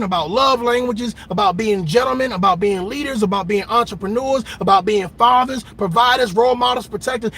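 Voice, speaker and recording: A man hosting a casual live stream, talking straight to his viewers in an animated, blunt way with plenty of swearing. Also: high-pitched, breathy edge. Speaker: livestream host. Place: parked car in a park.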